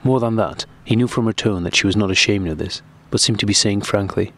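A man narrating a classic novel as an audiobook in a steady, even reading. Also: fairly low pitch, fairly quick, hardly any pauses.

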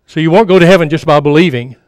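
High-voiced preacher in a reverberant church. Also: male voice, racing, studio quality. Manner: conversational, repeats phrases for emphasis, drops to a near-murmur. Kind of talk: sermon. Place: church sanctuary.

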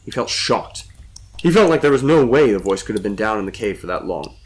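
A man reading a spooky story aloud in scripted narration, with expressive delivery. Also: lowish voice, fast.

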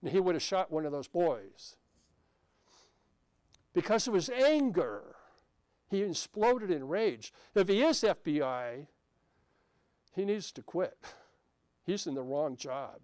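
Middle-aged pastor guy preaching, telling stories and reading verses, smooth clear voice, dry sound. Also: fairly high pitch, sing-song, takes it slowly, long pauses, darkish tone, dry recording. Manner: conversational preaching with personal stories and scripture reading. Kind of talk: sermon.

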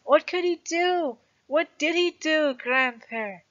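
A reader doing an eager young boy, pitched higher. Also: slow pace, a bit bright. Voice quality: eager and questioning. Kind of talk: storybook reading. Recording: dull lo-fi recording.

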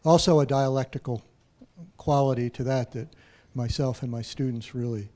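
A male teacher in a lecture audience asks a long question, halting often and filling his pauses with "uh" and "um". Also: mid-range voice, fairly even intonation, mellow. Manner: halting, with many fillers.

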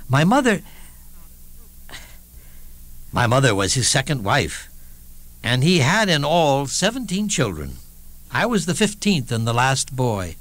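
A man's voice: medium pitch, huge pitch swings, normal speed, a bit bright, dry recording. An actor playing a witty elderly statesman, telling wry anecdotes in a theatrical one-man stage monologue with chuckling asides. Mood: amused.

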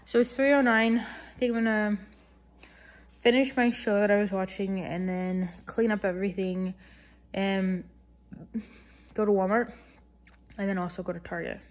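A woman's voice: medium pitch, fairly even intonation, normal speed, pauses often. Chatty woman vlogging at home. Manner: chatty and rambling, with many fillers. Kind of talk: casual home vlog chat.

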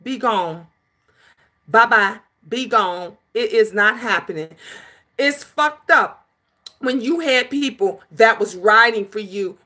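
A woman chats with viewers on her own livestream, her voice high and bright. She is emphatic and animated and repeats herself for effect. She curses freely when she scolds trolls. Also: takes it slowly. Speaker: livestream host. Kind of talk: casual livestream chat, answering viewers.

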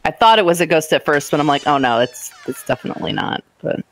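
A woman's voice: low voice, lively intonation, fast talker, slight background noise, poor audio. A woman chatting on a gaming stream, reading in-game text aloud and adding chatty asides. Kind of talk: casual gaming chat.

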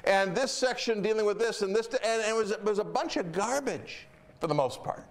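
A middle-aged man preaching a sermon as pastor, telling stories in an animated, emphatic way. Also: sits high, a little fast.

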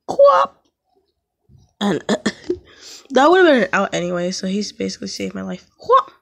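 A woman chatting casually over gameplay at home, slangy and prone to sudden excited yelps. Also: mid-range voice, measured pace, creaky. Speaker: gaming YouTuber.

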